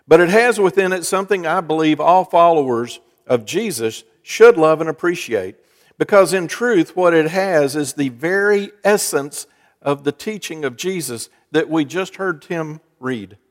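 A man's voice: a little high, lively intonation, unhurried. A man, a pastor, giving a sermon in a chatty, storytelling way. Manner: conversational storytelling preacher. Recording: long church reverb.

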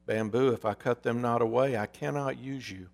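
A man's voice: fairly even intonation, moderate pace, gravelly, in a large hall, natural voice. A man voicing a grave garden master. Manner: grave and low.

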